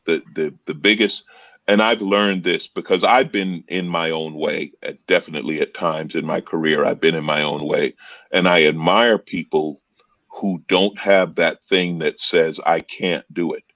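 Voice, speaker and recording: A man with a very low, deep voice tells stories in a relaxed podcast chat. He brightens and lifts his voice whenever he acts out what someone said. The sound is a little dull and lo-fi. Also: normal speed. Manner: animated storyteller, acts out quotes in raised voice. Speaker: comedian guest. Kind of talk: casual podcast conversation.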